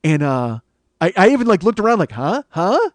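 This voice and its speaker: A man in his forties tells a story in a quick, high-pitched voice. He is animated and profane, and he jumps into the voices of the people he describes. The sound is dry and close to the mic, as on a podcast. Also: dry recording. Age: 40s. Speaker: comedy podcast host. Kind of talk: comic storytelling monologue.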